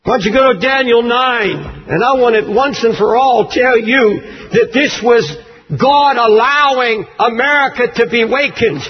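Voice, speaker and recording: A man preaching a sermon, impassioned and shouting at its peaks, reading scripture aloud. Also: very high voice, measured pace, highs cut off. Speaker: pastor.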